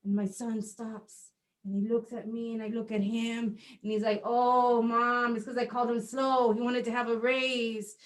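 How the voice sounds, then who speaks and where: Animated middle-aged woman doing stand-up. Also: on the high side, moderate pace. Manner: animated storytelling, acts out dialogue. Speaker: stand-up comedian. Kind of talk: stand-up comedy set.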